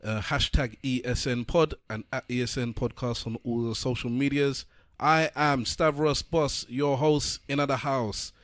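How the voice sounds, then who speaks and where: A man's voice: mid-range voice, fairly even intonation, measured pace, few pauses, a bit bright, no echo. A man hosting a podcast, doing playful showman-style introductions. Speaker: podcast host.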